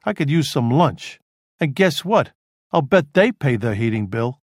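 A man voicing a gruff, hungry middle-aged male detective who grumbles and talks briskly in an audiobook. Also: mid-range voice, sing-song, no echo, studio quality. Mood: grumbling. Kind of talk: audiobook character voice.

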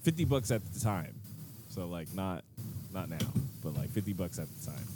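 A man's voice: sits low, big pitch swings, normal speed, over music. A man hosting a casual podcast, talking in a laid-back, rambling way with lots of fillers. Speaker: podcast host.

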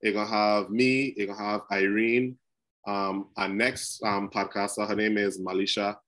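A man's voice: on the low side, level tone, moderate pace, fairly bright tone. A man with a Crucian accent, a teacher guesting on a casual podcast, talking in a laid-back way. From St. Croix.

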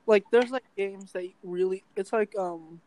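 A man talks loosely on a podcast, trailing off and restarting his thoughts. His pitch sits in the middle range. Faint noise hums behind him. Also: a little slow, darkish tone, rough recording. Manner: rambling, many fillers and restarts. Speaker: podcast co-host. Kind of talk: casual chat.

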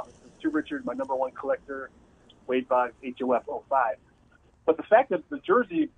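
Podcast guest, male, fairly high husky voice, animated storyteller, dull lo-fi audio. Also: a little hiss or hum. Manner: excited storytelling, swooping pitch. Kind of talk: casual interview chat.

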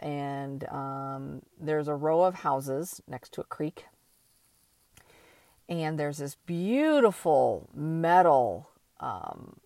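An older woman talking slowly and thoughtfully in a reflective personal monologue, with many pauses and fillers. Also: sits low, gravelly, darkish tone, dry recording.

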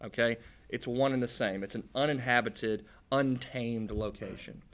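A man's voice: medium pitch, steady tone, normal speed, a bit bright. Casual, joking preacher man. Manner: casual and joking, with folksy slang. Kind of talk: conversational Bible-teaching sermon.

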